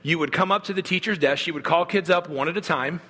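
A man's voice: a little high, quick pace, sharp tone, in a large hall. A man preaching a sermon as a pastor, talking to the congregation in an earnest, conversational way.

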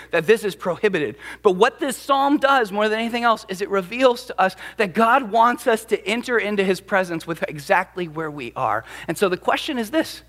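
High-voiced pastor preaching in a hall. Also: male voice, fairly bright tone. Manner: emphatic, dramatic, acts out quotes. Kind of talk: sermon. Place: church sanctuary. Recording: long reverb of a large hall.

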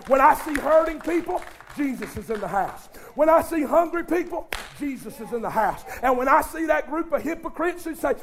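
A man preaching a sermon who talks straight to his congregation and swings between hushed, intimate passages and shouted, fervent ones. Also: very high-pitched, lively intonation, moderate pace, some chatter behind, a little hiss or hum. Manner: addresses the congregation directly, calls for responses.

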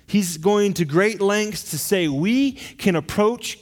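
Middle-aged male pastor, earnest and emphatic sermon delivery, slightly high voice, long hall reverb. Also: animated, takes it slowly, hardly any pauses. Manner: earnest, emphatic, with frequent restarts.

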